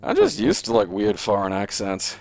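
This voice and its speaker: An Australian gaming streamer with a fairly low voice, wildly swooping pitch, and vocal fry talks at normal speed. His casual gameplay commentary rambles, profane and sardonic.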